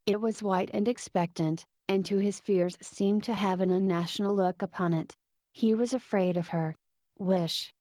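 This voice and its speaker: A woman reading a story aloud in a steady, measured narration. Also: mid-range voice, no echo.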